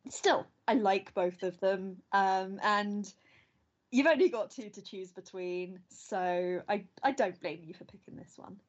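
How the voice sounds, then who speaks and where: A woman co-hosting a podcast, giving measured, thoughtful opinions in casual chat. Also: medium pitch, lo-fi sound. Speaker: podcast co-host.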